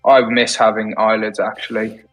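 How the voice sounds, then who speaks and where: A man's voice: on the low side, level tone, moderate pace, soft background music, lightly acted, rough recording. A man voicing a cheeky undead lich in a tabletop game, with a raised, hesitant, put-on accented voice. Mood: casual. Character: undead male lich spellcaster, casual and cheeky.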